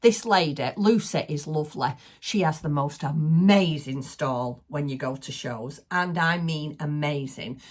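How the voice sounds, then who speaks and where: A middle-aged woman hosting a crafting channel, chatting excitedly to the camera at home and laughing often. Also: sits low, unhurried, few pauses. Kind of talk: casual chat to camera. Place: small home craft room.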